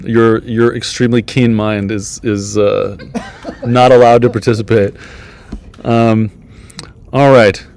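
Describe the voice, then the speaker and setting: A man narrating as the game master of a tabletop game, in a relaxed and rambling way with many fillers. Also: fairly low pitch, slow, pauses often. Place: backyard.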